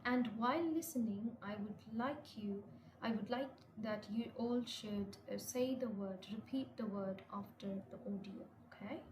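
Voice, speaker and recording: A woman with a slightly high voice walks learners through textbook exercises, repeating and rephrasing each instruction and correcting her own slips. Her voice rings in an echoey room, with clear noise underneath. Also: unhurried. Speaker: English teacher. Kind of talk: classroom lesson walkthrough.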